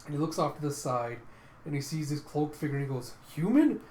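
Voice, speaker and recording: A man's voice: fairly high pitch, fast, reverberant. Man casually narrating a comic readthrough. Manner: animated, mouths sound effects.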